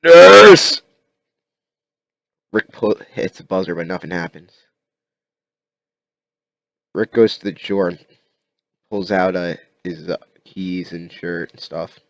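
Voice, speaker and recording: A man narrating a comic story aloud as an amateur reader, halting with frequent restarts and fillers. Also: low-pitched, little pitch movement, darkish tone, dry recording.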